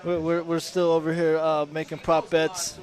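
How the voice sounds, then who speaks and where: A man's voice: fairly high pitch, monotone, moderate pace, a little mellow. A man commentating a pool match in a pool hall, chatty and easily laughing, drifting into stories with plenty of fillers. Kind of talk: casual play-by-play banter.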